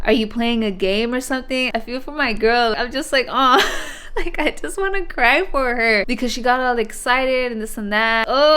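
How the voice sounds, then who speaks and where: Chatty, smooth-voiced young woman. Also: fairly high pitch, a bit bright. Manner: chatty, swears casually, laughs often. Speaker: book vlogger. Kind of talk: casual vlog chat.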